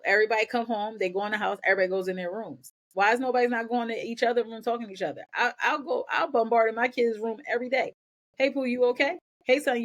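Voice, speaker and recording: A woman guest on a podcast, telling her own story in energetic bursts and often repeating words as she goes. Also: mid-range voice. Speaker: podcast guest, nonprofit founder. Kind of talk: candid personal storytelling.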